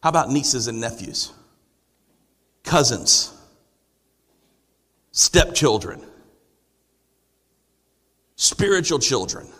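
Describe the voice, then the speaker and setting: A man's voice: medium pitch, expressive, very slow, pauses often, fairly bright tone. A man preaching a sermon to a congregation, asking rhetorical questions and building to emphatic declarations. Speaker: pastor. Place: church sanctuary. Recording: long hall reverb.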